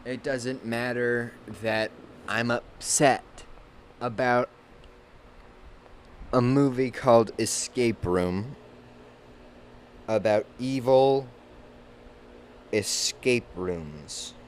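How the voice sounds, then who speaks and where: A man's voice: mid-range voice, extremely slow, long pauses, slight background noise. A man in a casual, comedic rant about a movie, rambling, restarting sentences and trailing off. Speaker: movie vlogger.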